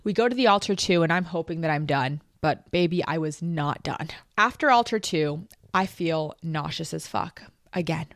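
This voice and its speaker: A woman's voice: sits low, moderate pace, dry recording, clean studio sound. A young woman hosting a podcast, casually telling a personal story in a candid, confessional way, full of "like" fillers. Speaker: podcast host.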